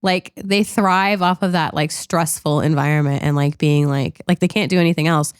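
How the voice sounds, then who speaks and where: A woman talks casually on a podcast, rambling with plenty of "like" and the odd swear. Her voice is smooth and clear, pitched on the low side. The sound is dry and close, with no room around it. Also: normal speed, dry recording. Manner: chatty, animated, peppered with "like" and swearing. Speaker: podcast co-host. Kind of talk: casual movie review chat.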